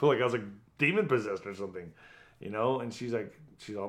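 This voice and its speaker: A man's voice: medium pitch, a little fast. A middle-aged man, a former boxer, telling his story bluntly and profanely in an interview, acting out what others said. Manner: blunt, profane, vivid retelling with acted quotes.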